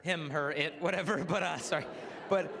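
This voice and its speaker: Young male speaker, jokey and lively, slightly high voice, echoing hall. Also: moderate pace, creaky, noisy background. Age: 20s. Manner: joking, animated, acts out quotes. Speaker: chastity speaker. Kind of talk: energetic talk to a high school audience. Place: large hall with a live audience. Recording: reverberant hall with faint ambience.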